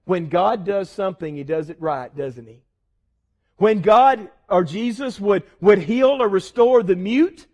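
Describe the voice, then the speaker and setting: A man preaching a sermon as pastor, swinging between loud fervor and soft asides. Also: high voice, measured pace. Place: church sanctuary.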